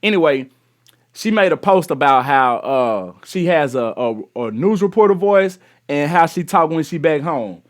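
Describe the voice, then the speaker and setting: A man's voice: fairly high pitch, expressive, normal speed. Chatty Texan man reacting to the news. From Texas. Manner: chatty, slangy, addresses viewers as y'all. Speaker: YouTube news commentator. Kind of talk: casual commentary on a news clip.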